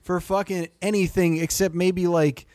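A man's voice: sits high, level tone, normal speed, darkish tone, clean tone, no echo, studio quality. Profane, ranting podcast co-host man. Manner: profane, mock-angry ranting. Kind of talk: casual comedic banter.

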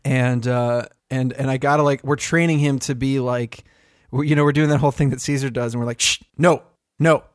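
A man's voice: mid-range voice, brisk, no echo, studio quality. A man in casual podcast chat, telling rambling stories full of swearing. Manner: rambling, profane, animated storytelling.

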